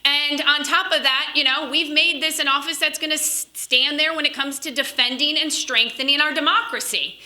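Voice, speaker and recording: A woman in her thirties from Western Wisconsin, giving a convention speech as a political speaker, telling stories in a chatty way with quick asides. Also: sits high, steady tone, pushed and bright.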